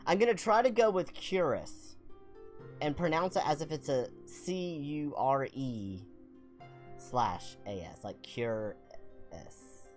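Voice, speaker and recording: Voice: mid-range voice, lively intonation, a little slow, faint music behind. A young adult streamer from the American South with a Southern accent, telling a rambling, self-deprecating story and reading game text aloud in a casual let's-play. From Southern United States.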